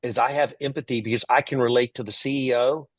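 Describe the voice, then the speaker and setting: A middle-aged man from Texas telling stories as a guest in an interview, lively, acting out the voices of people he quotes. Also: medium pitch, fast, no room sound. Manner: animated storyteller, acts out quoted voices. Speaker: guest, entrepreneur and author. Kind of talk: storytelling interview.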